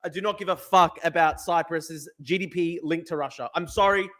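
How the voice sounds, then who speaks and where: A man's voice: steady tone, fairly quick, fairly bright tone. Profane, fired-up man. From Australia. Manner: profane, emphatic, repeats himself, mocks in a high voice. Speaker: livestream news host. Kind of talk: live-streamed news commentary reading chat.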